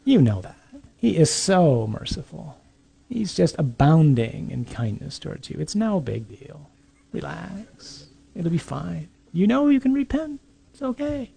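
A man voicing a sly male tempter devil who whispers soft, wheedling reassurances in a sermon. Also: on the high side, sing-song, measured pace, gravelly, breathy edge, full character voice. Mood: coaxing.

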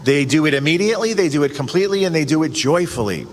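A man's voice: on the high side, very animated, fast talker, few pauses. Earnest preaching man in a reverberant room. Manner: earnest, emphatic preaching with rhetorical questions. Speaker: radio show host giving a reflection. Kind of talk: radio sermon.

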